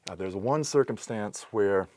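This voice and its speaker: A man giving a patient recorded lesson on accenting Greek words, explaining step by step with pauses and restarts. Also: on the low side, darkish tone, no room sound. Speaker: teacher.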